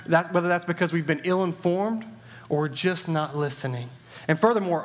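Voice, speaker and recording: Guy preaching at church, friendly, tells a story, slightly high voice. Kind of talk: sermon.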